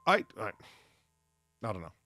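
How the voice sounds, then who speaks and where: A man's voice: unhurried, bright, forceful tone, faint music behind. A man co-hosting a casual chat show, rambling and profane as he riffs on trivia. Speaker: podcast co-host.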